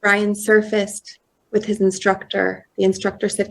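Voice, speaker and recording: A woman in her thirties giving a personal storytelling talk at a conference, slow and measured, acting out quoted dialogue. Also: medium pitch, completely flat delivery, vocal fry. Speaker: conference speaker. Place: conference hall.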